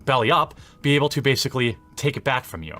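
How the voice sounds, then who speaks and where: A man speaking a monologue to camera, laying out his argument in a measured way with rising endings. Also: medium pitch, lively intonation, pushed and bright, faint music behind. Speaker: commentator in a played video.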